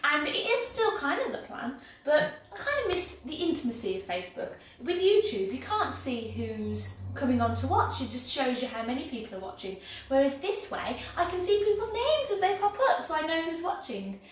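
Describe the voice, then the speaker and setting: A bubbly, chatty woman from England hosting a home baking livestream, cheerful and self-mocking. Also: high-pitched. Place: home kitchen. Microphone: laptop mic from across the room. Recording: very echoey room, far from mic, faint background noise.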